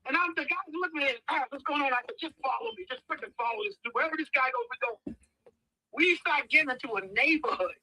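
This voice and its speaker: He's a man in his 50s from the United States, a podcast guest spinning casual stories and animatedly acting out everyone's voices. He speaks at a quick pace in a very high-pitched voice, on a dry, low-quality recording.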